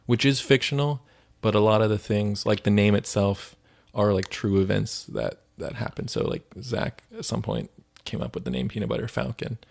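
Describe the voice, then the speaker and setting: A man's voice: fairly low pitch, lively intonation, moderate pace, vocal fry, few pauses, darkish tone. A man co-hosting a faith podcast, retelling stories in a rambling, casual way with lots of "like.". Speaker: podcast co-host.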